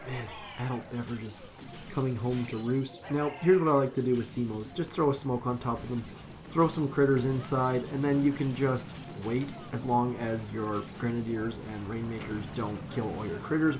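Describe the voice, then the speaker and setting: A man's voice: medium pitch, background noise. A man commenting casually on a live game stream, rambling and correcting himself as he talks to his chat.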